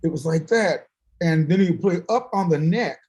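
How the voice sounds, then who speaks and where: A man's voice: a little high, normal speed, low-quality recording. A man who is a guest musician, telling stories in a casual chat, acting out the voices of the people he quotes and laughing often. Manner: animated, laughing storyteller who acts out quotes.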